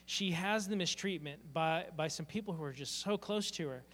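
A fairly high-voiced man preaching in a church hall, his earnest, heartfelt words trailing off into a long hall reverb. He tells a personal story as a pastor, speaking plainly and sincerely. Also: normal speed, a bit bright.

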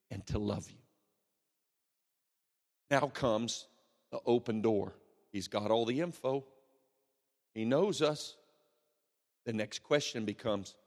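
A middle-aged man preaching a sermon, swinging between hushed and loud passages. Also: medium pitch. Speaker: pastor. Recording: long hall reverb.

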